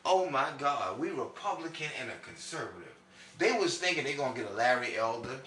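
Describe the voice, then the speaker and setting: A man from New York doing a loud, preachy comic monologue that swings between high and low. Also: very animated, a little fast, far from the mic, slight background noise. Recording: echoey room, from off-mic.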